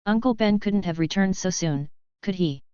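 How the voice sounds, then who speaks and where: A woman's voice: mid-range voice, moderate pace, warm tone, clean tone, no echo, close to an everyday voice. Eager young scientist, read by a woman. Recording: dull lo-fi recording.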